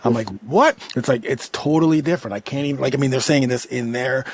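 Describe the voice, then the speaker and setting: A man's voice: medium pitch, steady tone, quick pace, a little mellow. A man hosting a podcast, chatty and rambling as he tells a story. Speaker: podcast host. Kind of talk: podcast interview.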